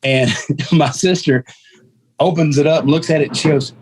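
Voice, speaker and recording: A man's voice: on the high side, moderate pace. A man who is a podcast guest, telling a story casually and acting out the voices of the people in it. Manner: animated, acts out quoted voices.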